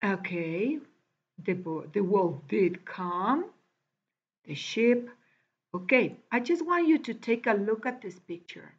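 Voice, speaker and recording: A woman's voice: medium pitch, animated, slow pace, breathy edge. A woman teacher walking her class through a reading lesson, patiently repeating words one by one. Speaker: English teacher. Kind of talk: recorded online class walkthrough. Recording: dull lo-fi recording.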